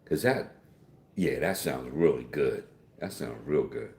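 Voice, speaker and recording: Deep-voiced chatty livestream host. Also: male voice, lively intonation, measured pace, darkish tone, reverberant. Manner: folksy and chatty, calls everyone man or dude. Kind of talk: casual livestream chat, reading viewer comments.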